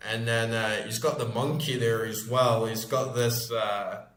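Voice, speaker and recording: A man's voice: mid-range voice, fairly even intonation, a little slow, fairly bright tone. A man in his forties, a gaming YouTuber telling a long story in a rambling, filler-heavy way with plenty of swearing. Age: 40s. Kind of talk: casual storytelling. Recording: roomy echo.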